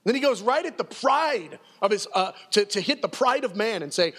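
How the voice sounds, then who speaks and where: A male pastor preaching in an emphatic, conversational style and repeating phrases for effect. His voice is fairly high and swings widely in pitch. The sound carries a long reverb from a church hall. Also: expressive, moderate pace, fairly bright tone. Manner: emphatic and conversational, with frequent repetition. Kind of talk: sermon.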